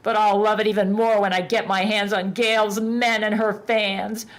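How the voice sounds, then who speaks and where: A woman voicing a many-armed female demon who speaks in a croaking, devilish way. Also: mid-range voice, flat delivery, moderate pace, natural voice. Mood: gloating. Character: demonic female with many arms, cruel and seductive.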